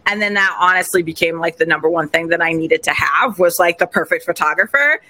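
A woman guest in a casual interview, telling her story in an animated, expressive way. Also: on the low side, fairly quick. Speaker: podcast guest, recent bride.

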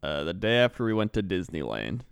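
Smooth-voiced male podcast co-host, rambling storyteller, dry close mic. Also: low voice, big pitch swings, a little fast, no echo. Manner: rambling, chuckling, loose. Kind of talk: casual storytelling chat.

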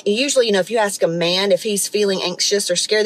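A woman's voice: mid-range voice, steady tone, fast talker, hardly any pauses, slight background noise, poor audio. A middle-aged woman, hosting a podcast and telling a story in a blunt, profane, casual way. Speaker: podcast host. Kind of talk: casual monologue.

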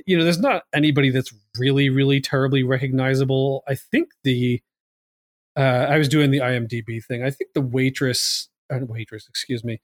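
A man's voice: medium pitch, steady tone, brisk, no room sound, studio quality. A man hosting a casual movie podcast, rambling with lots of fillers and "like.". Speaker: podcast host.

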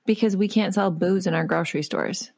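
A woman's voice: on the low side, creaky, darkish tone, no room sound. A woman who is a mother, co-hosting a podcast and telling stories in a teasing, laughing way. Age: adult, a mother. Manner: storytelling, teasing, quick to laugh. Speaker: podcast co-host. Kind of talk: casual chat.

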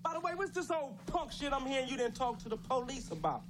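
An actor playing a swaggering, menacing young gang leader in an action film, talking in a threatening street-tough drawl. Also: male voice, extremely high pitch, sing-song, fast talker, background noise. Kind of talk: 1990s action film acting.

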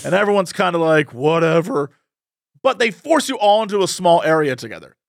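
A man with a high, lively voice that jumps around as he tells a story. He chats casually on a podcast and acts out the people he quotes. The sound is close and dry, with no room around it. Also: fast talker, gravelly, no room sound. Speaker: podcast co-host. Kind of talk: casual chat.

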